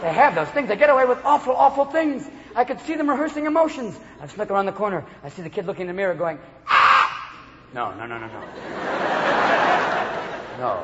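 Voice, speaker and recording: A man doing a stand-up comedy routine in front of a live audience, talking manically and jumping into silly voices and shouts. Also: extremely high pitch, sing-song, racing, few pauses, highs cut off. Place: large live venue before an audience. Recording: echoey live hall with loud crowd noise. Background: audience laughter and crowd noise.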